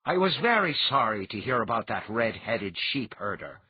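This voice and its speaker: A man voicing a blunt, hearty clan chief with a husky voice. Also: lowish voice, big pitch swings, moderate pace, exaggerated voice. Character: gruff blunt clan chief, reformed drinker. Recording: dull lo-fi audiobook recording.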